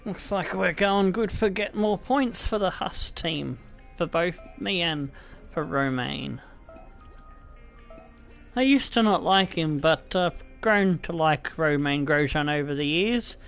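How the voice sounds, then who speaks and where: A high-pitched Australian man narrates his racing game, cheering on the car and swearing at his laps. Between laps his talk is slow and unhurried. Faint music plays behind him. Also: creaky. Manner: animated, swearing, talks to the car. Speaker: gaming video creator. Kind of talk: excited racing game commentary.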